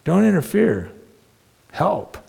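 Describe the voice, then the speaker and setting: The long reverb of a large hall surrounds a middle-aged pastor giving an earnest, conversational sermon with self-deprecating humor in a church sanctuary. His high-pitched voice is sing-song, dark and husky with vocal fry, and he takes it slowly.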